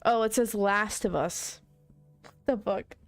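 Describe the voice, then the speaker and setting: Faint music sits behind this young female streamer as she takes her time, speaking in a mid-range voice. She chats through her game, voices the on-screen text, and now and then bursts into shrieking laughter.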